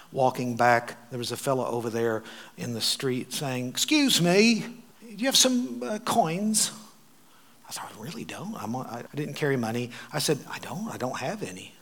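An American man telling travel stories in a sermon, animated and wry, with dry asides. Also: mid-range voice. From United States. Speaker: preacher. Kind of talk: sermon storytelling.

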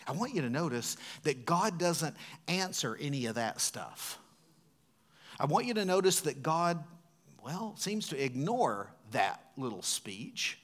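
Preaching man, booming then hushed. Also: big pitch swings, a little slow. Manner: dramatic, sweeping swings from loud to hushed. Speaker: pastor. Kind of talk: sermon. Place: church sanctuary.

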